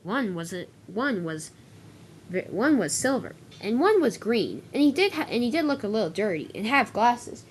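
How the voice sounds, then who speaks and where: A woman's voice: a little high, very animated, normal speed, background noise. Woman narrating a toy-train story. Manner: restarts and self-corrections.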